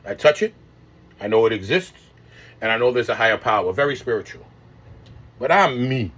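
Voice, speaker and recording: A man's voice: mid-range voice, lively intonation, moderate pace, a bit bright, breathy edge, highs cut off. A man in his forties talks to his viewers in a casual vlog, rambling, swearing and full of slang. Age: 40s. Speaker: vlogger. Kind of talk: casual monologue.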